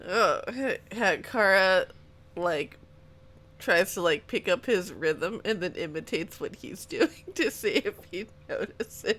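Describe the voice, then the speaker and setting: A player chatting casually in a tabletop game, hesitant. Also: medium pitch. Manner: slow, hesitant, animated. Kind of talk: casual chat.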